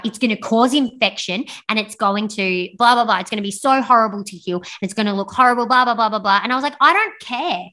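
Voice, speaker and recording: A young woman tells her story as a podcast guest. She is blunt and animated and swears freely. Her voice sits at a middling pitch. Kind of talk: casual storytelling interview.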